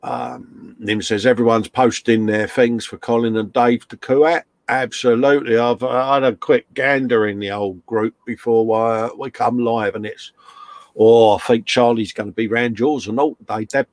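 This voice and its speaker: A man's voice: mid-range voice, little pitch movement, normal speed, dry recording. A man co-hosting a casual live stream, chummy and joking as he reads out chat comments. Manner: chummy banter, reads chat messages aloud.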